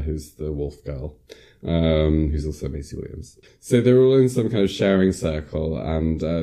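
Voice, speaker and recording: A man's voice: a bass voice, dark tone. A man casually recapping a film's plot on a podcast, rambling with lots of ums and likes. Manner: rambling, many ums and likes, laughs at himself. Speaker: podcast host reviewing a film. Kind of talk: casual film recap chat.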